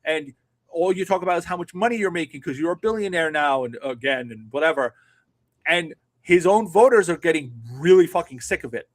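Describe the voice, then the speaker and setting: A man's voice: a little high, expressive, a little fast. A middle-aged man co-hosting a political talk show, ranting sarcastically and swearing often. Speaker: political podcast co-host. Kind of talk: casual political commentary.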